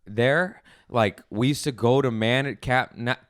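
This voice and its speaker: Thirties guy, podcast guest, smooth voice, quick profane quips. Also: mid-range voice, a bit bright, dry recording, clean studio sound. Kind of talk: casual chat.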